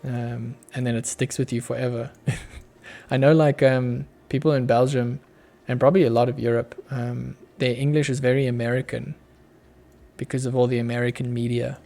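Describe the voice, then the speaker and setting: Australian dev streamer, young guy, low mellow voice with a gravelly edge, thinks out loud. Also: flat delivery, normal speed. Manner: muttering to himself while working, chuckling. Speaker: streamer, app developer. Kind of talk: casual live coding stream.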